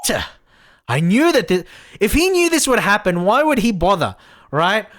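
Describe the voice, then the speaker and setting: A man's voice: high voice, very animated, normal speed, a bit bright. A man streaming a video game live, chatting and laughing while reading character lines aloud. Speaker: VTuber streamer. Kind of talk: live gameplay commentary with dialogue read-aloud.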